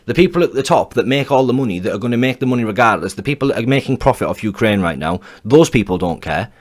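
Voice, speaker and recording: A man's voice: medium pitch, animated, fast. Ranting man. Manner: heated, blunt, swears, repeats himself. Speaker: commentator reacting to clips. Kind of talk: ranting reaction commentary.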